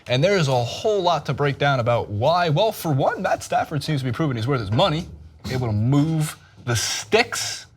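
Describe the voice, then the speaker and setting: A man's voice: a little high, normal speed, slight background noise. A man hosting a sports talk show, breaking down a football game in casual, jokey banter. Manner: animated, jokey, breaks into laughter.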